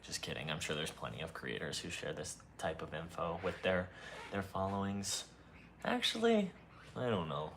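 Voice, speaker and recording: A young man hosting a solo podcast, talking softly and casually in a low-key, self-mocking way. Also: moderate pace, vocal fry, noisy background. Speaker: podcast host.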